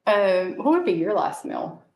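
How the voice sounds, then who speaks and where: A woman's voice: mid-range voice, sing-song, unhurried. A woman from the American South with a Southern accent, chatting casually as a vlogger and telling rambling stories. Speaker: vlogger, mother. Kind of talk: casual chat. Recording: echoey room.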